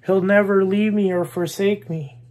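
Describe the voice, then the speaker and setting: A man preaching a sermon, slow and emphatic, repeating key phrases. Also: high-pitched, steady tone, a little mellow. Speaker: pastor.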